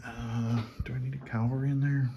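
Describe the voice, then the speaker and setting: A man playing a board game at home, calmly talking through his turn and counting his units and money aloud. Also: mid-range voice, fairly quick, lo-fi sound, noisy background. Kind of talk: casual solo board game playthrough.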